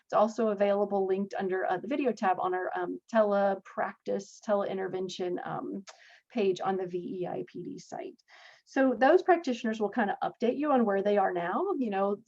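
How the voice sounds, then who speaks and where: A woman's voice: mid-range voice, moderate pace, creaky, darkish tone. A woman with a Southern accent from Virginia, hosting a webinar in a chatty, upbeat, conversational way over a video call. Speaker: webinar host. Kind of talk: webinar presentation. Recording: dull lo-fi video call audio.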